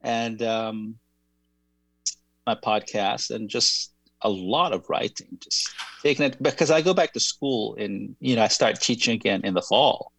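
A man co-hosting a radio talk show, chatting in a thoughtful, self-deprecating way with many halting restarts. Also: lowish voice, gravelly, a bit bright, husky, no echo, poor audio. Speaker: radio show co-host and writer. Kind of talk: casual chat.

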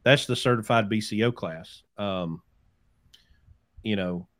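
A man's voice: fairly low pitch, slow, fairly bright tone. A man hosting a podcast, telling stories in a casual chat and acting out the people he quotes. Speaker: podcast host, trucking business owner.

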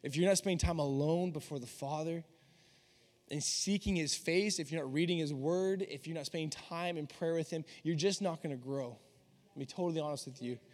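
A man's voice: a little high, a little fast, darkish tone. Young man preaching in a reverberant hall. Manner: earnest, conversational, acts out quoted dialogue. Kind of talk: sermon. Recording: long reverb of a large hall.

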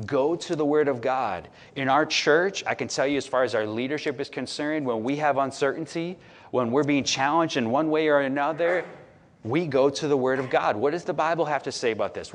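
A man delivering a sermon in a relaxed, chatty way, as if talking with the congregation rather than at it. He swings between quiet, intimate asides and loud, emphatic declarations. His voice sits at an average pitch for a man. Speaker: pastor.

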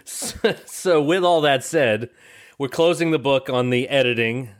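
A man's voice: mid-range voice, unhurried. A man co-hosting a writing podcast, a music teacher by trade, who talks in a casual, joking, self-deprecating way with many hesitations. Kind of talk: casual chat. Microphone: remote call mic.

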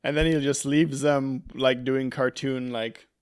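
A man's voice: mid-range voice, steady tone, a little slow, smooth, no room sound, clean studio sound. A man co-hosting a casual chat, tossing in wry jokes. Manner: wry, joking interjections. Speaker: podcast co-host.

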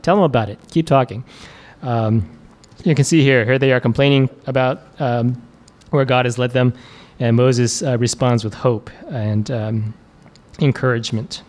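A man's voice: mid-range voice, a little mellow. A man preacher giving a casual, conversational sermon, chuckling often and using many fillers.

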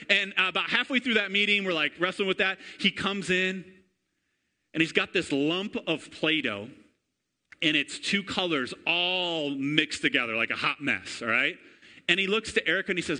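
A man in his thirties preaching a sermon to a congregation, energetic and chatty, often calling out for amens and asking the room questions. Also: fairly high pitch, moderate pace. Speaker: pastor. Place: church before a congregation.

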